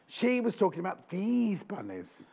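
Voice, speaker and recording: A man's voice: high-pitched, wildly swooping pitch, a little slow, gravelly, mellow, breathy edge. A man presenting on a live shopping channel, chatting with enthusiasm and jokes. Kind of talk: live TV sales chat. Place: TV studio.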